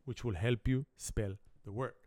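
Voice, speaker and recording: Brief: middle-aged Israeli man hosting a family game, Hebrew native speaking shaky English, mid-pitched voice, dry close sound. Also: moderate pace, no room sound. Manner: broken English grammar, animated comic storytelling. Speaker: family game show host. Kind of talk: playful storytelling and game hosting.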